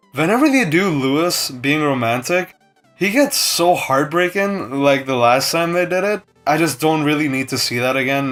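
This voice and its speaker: A young man casually reviewing a TV episode with strong opinions, breaking into quick impressions of the characters. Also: a little high. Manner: chatty, opinionated, animated impressions. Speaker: TV show reviewer.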